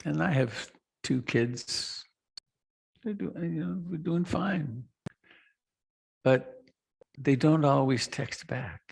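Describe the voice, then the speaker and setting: A middle-aged man giving a reflective meditation talk, slow and soft, with long pauses and trailing lines. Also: on the high side, vocal fry, breathy edge. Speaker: meditation teacher. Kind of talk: dharma talk.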